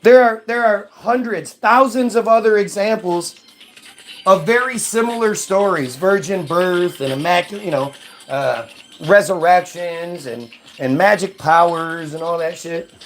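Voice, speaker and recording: A man's voice: sits high, measured pace, a little hiss or hum. Mocking, profane ranting man. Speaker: streamer answering chat. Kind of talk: casual ranting monologue.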